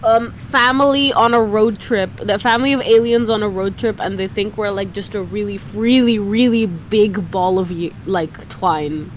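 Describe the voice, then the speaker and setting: A woman co-hosting a casual podcast chat, playful and quick to laugh. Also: medium pitch, a little hiss or hum. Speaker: podcast co-host.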